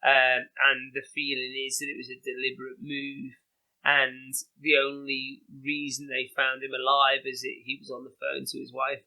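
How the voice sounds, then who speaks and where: A man with a Liverpool Scouse accent, a podcast guest telling animated, chatty stories with lots of "you know" and "like". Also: medium pitch, moderate pace, vocal fry, rough recording. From England. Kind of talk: casual anecdotal storytelling.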